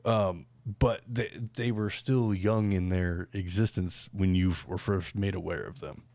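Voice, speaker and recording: A man's voice: sits low, steady tone, measured pace, vocal fry, a little mellow, no room sound. A man hosting a podcast in casual chat, rambling with lots of fillers and restarts. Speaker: podcast host.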